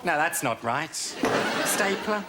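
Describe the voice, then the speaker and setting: A man's voice: on the high side, lively intonation, slow. A man performing to a studio audience, camp and arch, dropping saucy innuendo as he banters. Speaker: sitcom lead playing to a studio audience. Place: TV studio set before a live audience. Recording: TV studio with loud audience laughter and hiss.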